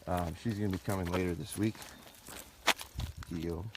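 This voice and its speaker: A man's voice: sits low, fairly even intonation, normal speed. A man streaming live from a farm as a dog trainer, chatting to viewers and giving his dogs short firm commands. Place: outdoors on a rural farm. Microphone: phone or camera on a tripod. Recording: noisy outdoor livestream.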